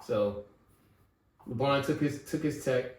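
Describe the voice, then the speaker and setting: A man's voice: mid-range voice, takes it slowly, distant mic, heavy background noise. A man co-hosting a casual sports podcast, laid-back with dry reactions. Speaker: podcast co-host. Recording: roomy sound from off the mic.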